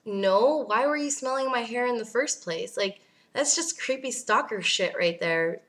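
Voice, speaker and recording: A woman's voice: fairly high pitch, animated, measured pace, a bit bright. A young woman vlogging casually, ranting bluntly and sarcastically, swearing and laughing as she answers viewer questions.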